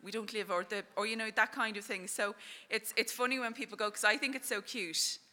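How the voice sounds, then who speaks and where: A woman's voice: mid-range voice, fairly even intonation, a little fast, bright, forceful tone. A woman with a Dublin Irish accent, chatting casually at a live event, talkative and laughing easily. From Ireland. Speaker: audience member. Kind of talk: casual chat.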